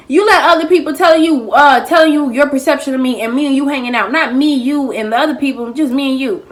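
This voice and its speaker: A woman telling a casual storytime to her viewers, animated and slangy, talking straight to the camera while she eats. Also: sits high, fast, few pauses. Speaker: vlogger.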